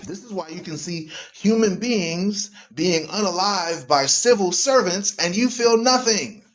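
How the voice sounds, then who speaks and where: A man's voice: high-pitched, animated, a little slow, fairly bright tone. A man speaking as a radio guest in an emphatic, preaching style, repeating words for stress and addressing listeners directly. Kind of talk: preaching commentary.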